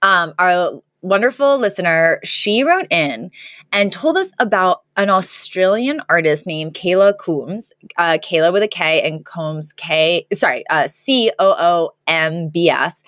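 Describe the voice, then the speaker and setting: A woman co-hosting a podcast, chatting casually and laughing often. Her voice sits a little low for a woman. It is recorded close and dry, with no room sound. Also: expressive, measured pace, fairly bright tone, no room sound. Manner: giggly, chatty, lots of "like". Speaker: podcast co-host. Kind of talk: casual chat.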